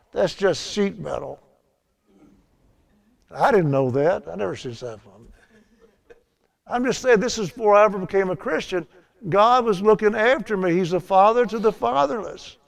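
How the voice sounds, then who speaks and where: A man's voice: high-pitched, creaky. An older man teaching a Bible lesson in a chatty storytelling way, laughing at his own tales.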